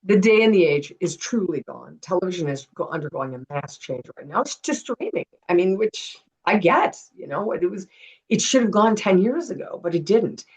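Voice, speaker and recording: A middle-aged woman, a retired television producer, telling animated stories as a guest in a casual interview. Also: on the low side, moderate pace, slightly rough, poor audio. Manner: animated storyteller acting out quotes.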